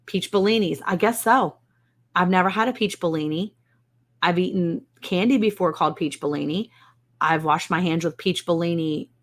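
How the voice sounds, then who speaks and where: Low gravelly-voiced woman, chatty. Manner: chatty, wry, self-mocking. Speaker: host of a live ranch stream. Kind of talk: casual live-stream chat reading comments. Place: indoors at home.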